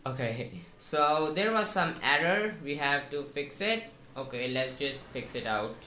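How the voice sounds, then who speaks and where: A man walks through a coding tutorial, explaining each step in a slow, instructive way. His voice sits on the low side, and the unhurried pace leaves room between his phrases. The room is echoey, with faint keyboard typing underneath. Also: animated, pushed and bright, slight background noise. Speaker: programming tutor. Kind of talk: screen-recorded coding tutorial.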